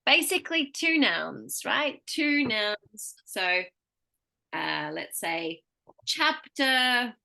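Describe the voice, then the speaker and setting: Speech pathologist lady, bright tone, patient, drills word stress with lots of examples. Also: medium pitch, big pitch swings, gravelly. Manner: patient, explains slowly with examples. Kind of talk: one-on-one pronunciation lesson.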